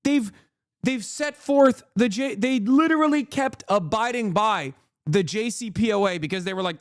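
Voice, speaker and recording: A man's voice: high-pitched, moderate pace, no room sound, clean studio sound. A man in his thirties giving heated, profane political commentary to his chat on a livestream. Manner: ranting, profane, emphatic. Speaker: political streamer.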